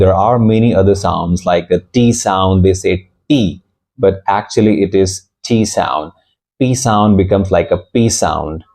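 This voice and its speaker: A man from India with an Indian English accent teaches a video lesson to learners. His voice sits low and mellow. He explains step by step, with many pauses, fillers and restarts.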